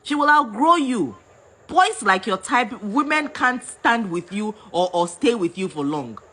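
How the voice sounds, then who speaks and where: A Ghanaian woman rants at full force, her voice husky yet bright and edged. Her pitch leaps and falls as she scolds, repeating her insults for emphasis. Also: big pitch swings, a little slow. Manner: scolding, repetitive, switching between English and Twi. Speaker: vlogger. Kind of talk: heated rant to camera.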